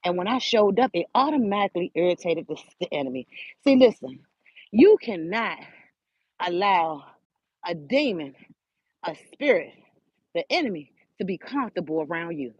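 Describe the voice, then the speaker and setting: Husky older woman telling a story. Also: fairly low pitch, moderate pace, long pauses, no room sound. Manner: animated, preachy, addresses listeners directly. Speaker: host. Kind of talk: casual spiritual storytelling. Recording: dull lo-fi audio.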